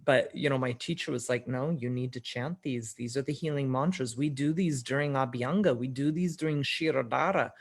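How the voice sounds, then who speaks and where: A woman's voice: extremely low pitch, brisk, few pauses, breathy edge. A middle-aged woman, a podcast guest, telling a personal story in conversation. She acts out the dialogue, often shifting her voice for the quotes, and laughs now and then.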